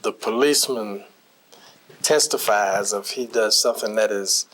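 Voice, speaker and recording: A man's voice: on the low side, measured pace, fairly bright tone. A man interviewing for an oral history, asking probing follow-up questions and giving brief acknowledgments.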